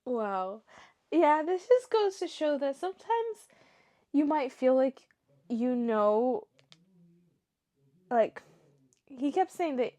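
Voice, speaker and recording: A woman's voice: high voice, lively intonation, slow pace, long pauses, mellow. A woman hosting a channel, reading posts aloud and breaking in with chatty, reactive asides. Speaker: YouTube host reading online stories.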